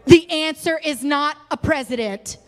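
A young woman delivers an impassioned sermon in a high, bright voice. She swings from loud, drawn-out peaks to soft, quiet drops. The sound rings out with a long hall reverb. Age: young adult. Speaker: preacher.

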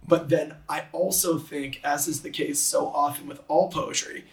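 A man who teaches high school English, explaining poetic meter enthusiastically and tapping out rhythms with his voice. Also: fairly even intonation, normal speed, creaky, reverberant, recorded from a distance. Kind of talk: conversational explanation, reading a poem aloud.

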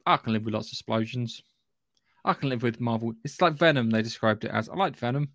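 A man's voice: medium pitch, fast, a bit bright, dry recording, clean studio sound. A man co-hosting a podcast in casual, rambling chat. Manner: chatty, rambling, restarts often. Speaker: podcast co-host.

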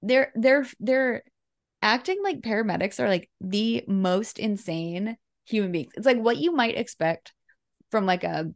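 A woman's voice: mid-range voice, lively intonation, a little slow, gravelly, no echo, clean studio sound. A woman co-hosting a casual movie podcast, rambling with lots of fillers and frequent laughter. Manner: rambling, laughing often, many fillers and restarts. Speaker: podcast co-host. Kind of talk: casual chat about movies.

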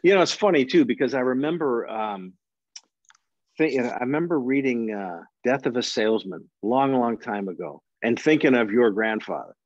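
A man's voice: medium pitch, lively intonation, normal speed, no room sound. A man interviewing a relative in casual family chat, easygoing and swearing casually. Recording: dull lo-fi dry sound.

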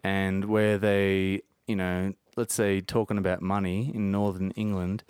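A man with an Australian accent, talking in a rambling, animated way as a guest in a casual chat. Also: low-pitched, measured pace, smooth, no room sound, clean studio sound.

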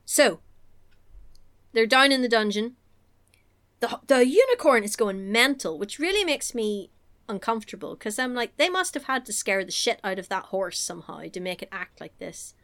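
A woman's voice: fairly high pitch, normal speed. A woman recapping a film in casual chat as a podcast co-host, laughing often and acting out the lines. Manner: animated, laughing, acts out quotes.

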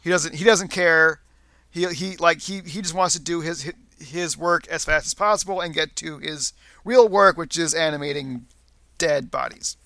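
A man's voice: on the high side, normal speed, gravelly, bright, forceful tone, no room sound. A man in casual conversation who repeats words as he explains a story. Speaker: podcast co-host discussing a story. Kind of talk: casual chat.

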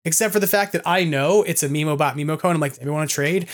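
Excitable rambling man, podcast host. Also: fairly high pitch, very fast, few pauses. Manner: excitable, rambling storyteller who laughs often. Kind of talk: casual chat.

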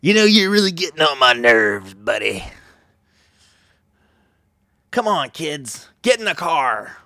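A man's voice: a little high, very animated, unhurried, pushed and bright, no room sound, studio quality, voice pushed up, exaggerated voice. A man doing a snide, spiteful co-parent. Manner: snide, bickering. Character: irritated, spiteful co-parent dropping off kids.

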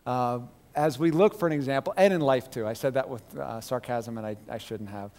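A man's voice: mid-range voice, a little fast, a little mellow. Chatty male preacher in a reverberant hall. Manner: conversational, digressive, joking asides. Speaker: Bible class teacher. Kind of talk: sermon.

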